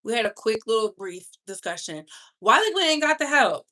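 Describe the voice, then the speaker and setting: A bright, sharp-toned woman talks celebrity gossip with a sassy, chatty delivery. Her voice sits a little high, and her carries the talk. She drags some words out slowly and rushes others. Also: very animated. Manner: chatty, sassy, speeds up and slows down for emphasis. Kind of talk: casual live-stream chat.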